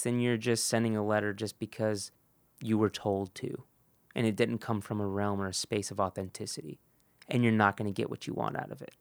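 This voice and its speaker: A gravelly-voiced man delivers an earnest motivational talk straight into a close, dry microphone. He pushes hard on key points, then drops to a near hush. He acts out quick snatches of conversation along the way. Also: lowish voice, no echo. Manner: earnest, swings between loud emphasis and soft hush; acts out quick snippets of dialogue. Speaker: podcast host. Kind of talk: motivational monologue.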